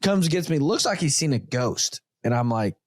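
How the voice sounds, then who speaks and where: A man in his thirties hosting a casual podcast from home, telling a story with lively energy and acting out the dialogue as he goes. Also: medium pitch, moderate pace, dry recording, studio quality. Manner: animated storyteller who acts out dialogue. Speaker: podcast host. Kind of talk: casual chat. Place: home studio.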